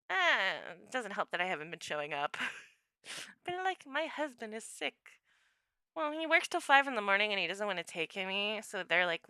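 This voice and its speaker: A woman's voice: mid-range voice, big pitch swings, a little fast, pushed and bright, clean tone, no room sound, clean studio sound. A young woman chatting casually on a home livestream, laughing often and acting out her own quotes. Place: home room.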